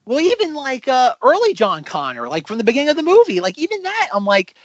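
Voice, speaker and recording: A man co-hosting a casual film podcast, talking in a rambling, animated way and acting out mock quotes. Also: very high voice, quick pace, no room sound. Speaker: podcast co-host. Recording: dull lo-fi dry podcast audio.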